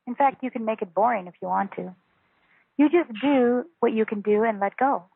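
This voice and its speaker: In a phone interview, a woman shares spiritual teachings at a moderate pace, her husky, gravelly voice pitched a little high. Earnest and emphatic, she repeats phrases for emphasis, and the line sounds thin and dry with no room sound.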